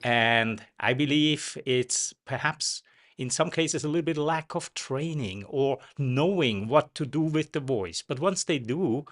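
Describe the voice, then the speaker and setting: A man's voice: a little high, a bit bright. A man hosting an interview, wrapping up with effusive thanks to his guest. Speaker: show host.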